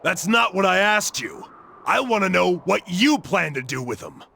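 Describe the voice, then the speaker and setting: An actor playing a burly, boisterous young man in a video game, talking in a loud, cheerful, hollering way. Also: high voice, very animated, normal speed, creaky, slight background noise, heavily acted. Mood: serious.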